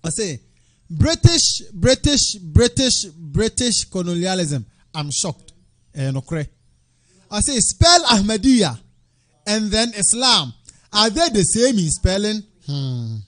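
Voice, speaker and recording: A man presenting an Islamic talk show, preaching with animation and sometimes shouting. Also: high voice, very animated, slow pace.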